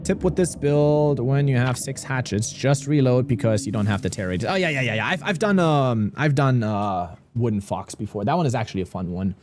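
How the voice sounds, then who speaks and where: A man's voice: medium pitch, lively intonation, brisk, hardly any pauses, a little mellow, faint music behind. A young man from Germany, casually chatting with viewers and cracking jokes while streaming a game. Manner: joking, cursing, chatting with viewers. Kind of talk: casual livestream commentary.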